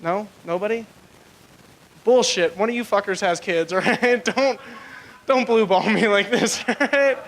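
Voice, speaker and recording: A man's voice: high-pitched, a bit bright. A young man doing a rambling, crude stand-up comedy set on a live club stage, full of filler words.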